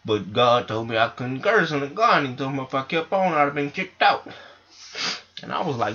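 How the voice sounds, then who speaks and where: A man's voice: mid-range voice, big pitch swings, normal speed, sharp tone, highs cut off. A man telling a rambling, profane comic story into a microphone. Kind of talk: comedic monologue.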